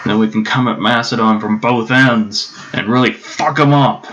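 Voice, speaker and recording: A man's voice: medium pitch, moderate pace, hardly any pauses, a bit bright. A man casually commenting on his strategy game play, chatty and swearing, joking to himself. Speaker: gameplay commentator. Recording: dull lo-fi mic with clear noise.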